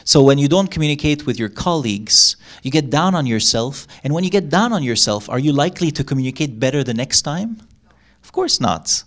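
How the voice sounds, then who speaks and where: Animated middle-aged man giving a talk. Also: fairly high pitch, brisk. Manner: animated, acts out quoted lines, laughs often. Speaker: workshop speaker. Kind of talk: live talk to an audience. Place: room with a live audience.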